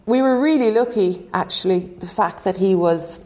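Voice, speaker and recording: A woman's voice: medium pitch, normal speed, a little mellow. A woman, a former goalkeeper, chatting as an interview guest and telling stories, acting out dialogue and laughing often. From Ireland. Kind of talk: casual chat, storytelling.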